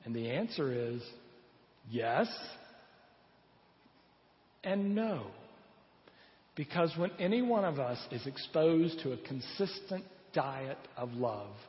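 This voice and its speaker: A male pastor preaching a sermon, telling stories with animated delivery and letting his points trail off softly at the end. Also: mid-range voice, slow pace, long pauses. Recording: dull, echoey hall sound.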